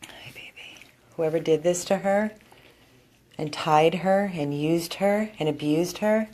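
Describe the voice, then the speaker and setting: A woman's voice: low voice, mellow. A woman from an animal rescue, filming indoors on a handheld phone and talking earnestly and emotionally straight to her viewers. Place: indoor room.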